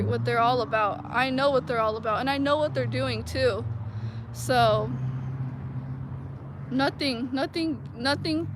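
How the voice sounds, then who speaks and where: A woman's voice: on the high side, a bit bright. A woman vlogger telling a personal story to her viewers in a rambling, casual way, full of "like" fillers. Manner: rambling, heavy use of "like" fillers. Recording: noisy outdoor street recording.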